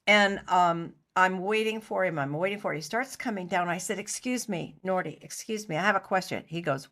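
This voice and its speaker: A middle-aged woman, a guest on an interview show, telling a story in a lively, chatty way and acting out other people's lines. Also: on the low side, normal speed, few pauses. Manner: animated anecdote teller, acts out other people's lines. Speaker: interview guest, costumer and actor.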